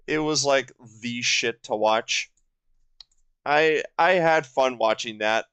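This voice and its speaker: A man in his twenties giving casual commentary while playing a video game, rambling and halting with lots of fillers and restarts. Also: mid-range voice, a bit bright, smooth, no echo. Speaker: gaming video host. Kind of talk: casual let's-play commentary.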